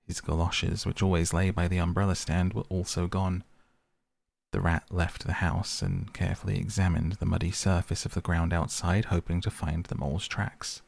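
Deep, gravelly man reading a bedtime story. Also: little pitch movement, no room sound. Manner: slow, gentle and soothing. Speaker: podcast host and audiobook reader.

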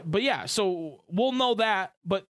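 A man co-hosting a podcast in casual chat, excitable and full of gamer slang. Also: high voice, slow, no room sound, studio quality. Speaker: podcast co-host.

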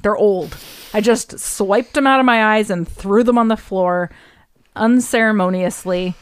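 A woman co-hosting a podcast in casual chat, telling quick stories and laughing often. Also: medium pitch, clear, resonant tone, no room sound. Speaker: podcast co-host.

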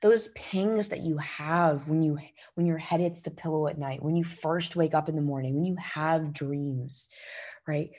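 A woman's voice: deep voice, a little slow, mellow. A woman hosting a podcast, giving an emphatic motivational talk and coaching listeners directly into her mic, swearing freely. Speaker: podcast host. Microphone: podcast microphone.

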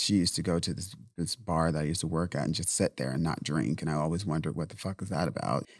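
A deep-voiced man, interviewed as a guest, gives a candid, blunt, rambling account of something that happened to him, swearing and acting out quotes. The sound is clean studio quality with no room sound.

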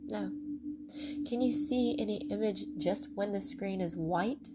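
A woman's voice: mid-range voice, heavy background noise. A tired woman giving an earnest, emotional personal testimony on a podcast. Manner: earnest, heartfelt, preachy, with pauses. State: tired, voice going.

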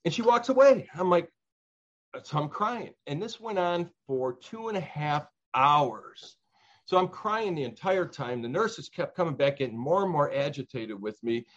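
A man's voice: a little high, lively intonation. Older man telling his life story, slightly muffled. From Chicago. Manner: earnest, reflective, with many pauses and restarts. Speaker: interviewee. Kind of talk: personal storytelling interview. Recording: slightly dull lo-fi sound.

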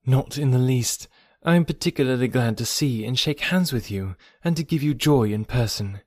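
A man reading the part of a witty, arch young gentlewoman in a storybook, lightly teasing. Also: medium pitch, animated, moderate pace, no echo, studio quality, natural voice. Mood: warm.

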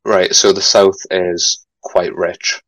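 Young Geordie man, low voice, laid-back. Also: level tone, slow pace, fairly bright tone, dry recording, rough recording. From North East England. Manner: laid-back, rambling with many fillers and some swearing. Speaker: podcast guest. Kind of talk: casual chat.

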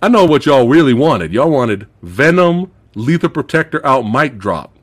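A male podcast host chatting casually about a movie, animated, swearing freely, laughing often and acting out movie lines. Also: mid-range voice, moderate pace. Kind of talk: casual movie review chat.

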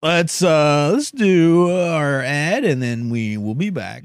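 Animated, laughing podcast co-host man. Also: fairly high pitch, takes it slowly, few pauses, smooth, no echo, clean studio sound. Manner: swearing, laughing, animated banter. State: hiccuping. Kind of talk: casual comedic chat.

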